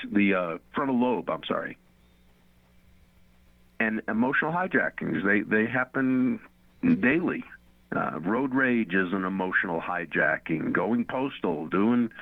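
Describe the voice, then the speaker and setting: A man's voice: on the low side, no room sound. A man on a Christian radio show, earnestly teaching and repeating phrases for emphasis. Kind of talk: conversational faith talk on radio. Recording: phone-like radio line.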